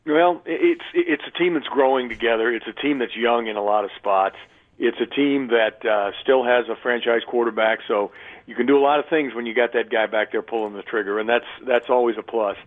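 A man's voice: mid-range voice, a little fast. A man, a radio play-by-play announcer, talking through a phone-in radio interview in a chatty, thorough way, restarting often. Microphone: telephone. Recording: tinny phone line.

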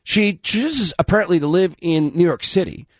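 A man hosting political commentary, delivering scripted segments with a mocking, scornful edge while hoarse. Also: sits high, expressive, moderate pace, dry recording, studio quality. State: hoarse, losing his voice.

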